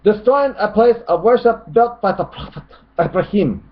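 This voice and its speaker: Dude doing a snooty commenter voice, sneering and lecturing, pitched up, dull lo-fi sound. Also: male voice, expressive, normal speed. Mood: scornful. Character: scornful condescending male online commenter.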